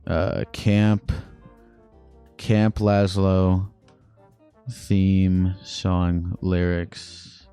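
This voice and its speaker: A man's voice: low voice, flat delivery, extremely slow, long pauses, dark tone, smooth, faint music behind. A man hosting a call-in advice show, talking casually with a caller in a rambling, self-aware way.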